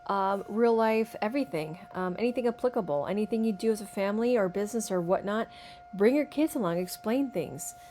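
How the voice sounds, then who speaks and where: A woman hosts a podcast in a loose, wry, chatty way, reacting to clips and calling her listener honey. Her pitch sits in a middle range. A faint hum runs under her voice. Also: lively intonation, a little fast, dark tone. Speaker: podcast host. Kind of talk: casual commentary on clips.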